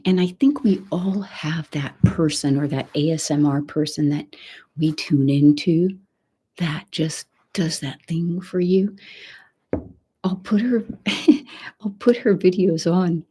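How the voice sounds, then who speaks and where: A woman with a Texan accent hosting a live ASMR stream, chatting softly and slipping in and out of a whisper. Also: fairly low pitch, unhurried, breathy edge. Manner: soft-spoken, drifts between whisper and voice. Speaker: ASMR channel host.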